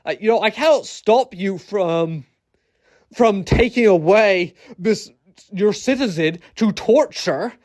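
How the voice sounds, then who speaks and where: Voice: mid-range voice, expressive, slow pace, darkish tone. A commentator mocking a flippant pacifist duchess. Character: dismissive pacifist duchess, a woman.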